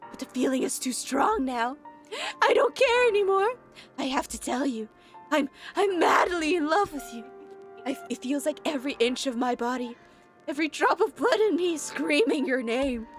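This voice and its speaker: A woman's voice: sits high, lightly acted. A woman voicing an obsessive, lovestruck young woman from a game, reading her intense confessions aloud.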